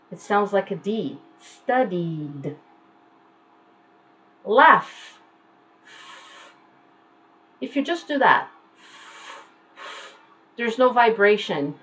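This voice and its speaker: A woman's voice: mid-range voice, low-quality recording. A woman teaching English pronunciation online from home, patiently repeating each word to demonstrate its sound.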